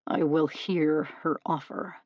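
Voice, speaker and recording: A woman voicing a proud male god of the underworld in an audiobook, cool and commanding, with a warm soothing baritone put on. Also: steady tone, takes it slowly, no room sound, dull audio. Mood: cold. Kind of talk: audiobook character voice.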